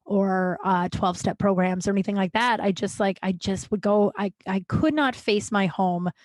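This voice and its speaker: Woman in her thirties, podcast host, casual self-mocking storytelling, frank swearing, mid-pitched voice, dry sound. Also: normal speed, no echo. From Colorado. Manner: candid, profane, self-mocking.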